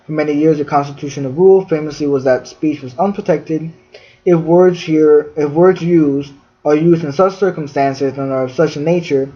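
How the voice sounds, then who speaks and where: This is a podcast host, a man whose warm voice is somewhat high-pitched, fairly even in intonation, and paced at a normal speed. He reads definitions from a fact sheet with plenty of fillers, captured in dull lo-fi sound.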